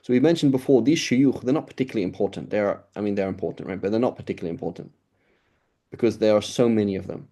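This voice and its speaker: A man's voice: lowish voice, quick pace, dark tone. A middle-aged man giving an informal lecture as an Islamic studies teacher, talking casually with many fillers and restarts.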